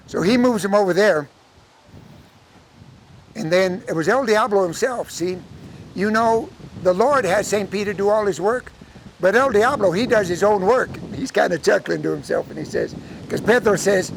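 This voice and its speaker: A man telling a traditional folk tale to a live audience, acting out the characters' lines in an animated way. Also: high voice, moderate pace, creaky. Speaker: storyteller. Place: lecture audience setting.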